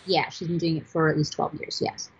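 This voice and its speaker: Woman, low and very husky voice, rambling, dull lo-fi audio. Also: flat delivery, fairly quick. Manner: rambling, many restarts and fillers, storytelling. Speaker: voice director, interview guest. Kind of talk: casual interview chat.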